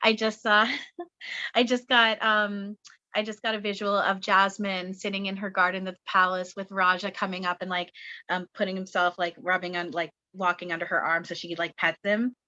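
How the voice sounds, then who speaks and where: Woman in her 30s, from Canada, bubbly and rambling, bright voice, dull lo-fi call audio. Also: medium pitch, little pitch movement, normal speed. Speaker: guest channeler. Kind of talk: casual spiritual reading on a webinar. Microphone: video call.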